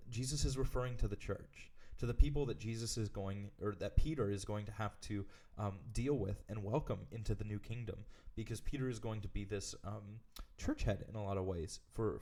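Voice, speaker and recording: A man reading scripture aloud, then explaining it in a relaxed, chatty way with plenty of fillers. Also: on the low side. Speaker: devotional leader. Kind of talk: scripture reading and casual commentary.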